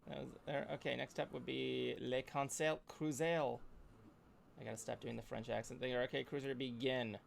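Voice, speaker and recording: A man's voice: medium pitch, little pitch movement, fairly quick, gravelly, few pauses, slight background noise. A man hosting a casual livestream talk show, talking loosely and joking. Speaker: show host.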